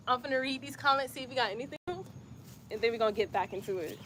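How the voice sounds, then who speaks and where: Young woman leading yoga outside, high bright voice, chatty slangy asides, faint background noise. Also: fast. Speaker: yoga instructor. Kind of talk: guided yoga instruction. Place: outdoors in light rain.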